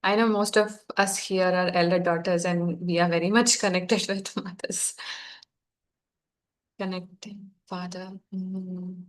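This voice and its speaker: A woman facilitating a guided healing session, speaking softly, gently and encouragingly to her group. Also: fairly low pitch, little pitch movement, a little slow.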